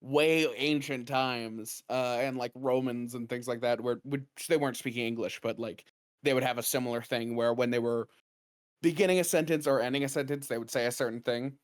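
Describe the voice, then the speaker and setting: A man's voice: mid-range voice, fairly even intonation, fairly quick, no echo, studio quality. A man from the American South or Southwest co-hosting a podcast, rambling casually and laughing often. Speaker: podcast co-host.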